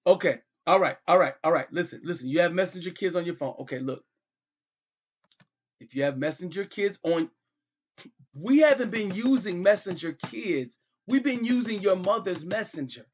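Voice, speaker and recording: A man's voice: high voice, lively intonation, normal speed. A middle-aged man hosting a comedy show, talking as a father on a call in a pleading, repetitive, exasperated way.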